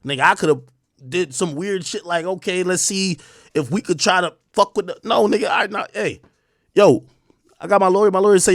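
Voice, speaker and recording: A man's voice: high-pitched, brisk, a bit bright, no room sound, clean studio sound. A man in his thirties hosting a livestream, talking straight to his chat in an emphatic, repetitive and defiant way with plenty of profanity. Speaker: streamer host.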